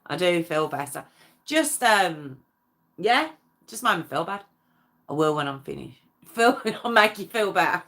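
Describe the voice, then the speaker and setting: A woman's voice: mid-range voice, sing-song, normal speed, bright, forceful tone. A woman hosting a true crime livestream, chatting casually with viewers, answering their comments and laughing often. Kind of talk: casual live chat with viewers.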